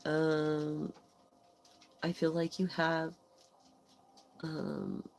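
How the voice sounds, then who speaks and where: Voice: medium pitch, monotone, extremely slow, rough recording. An adult tarot reader giving a casual live reading, rambling and meandering with lots of fillers and the odd swear word.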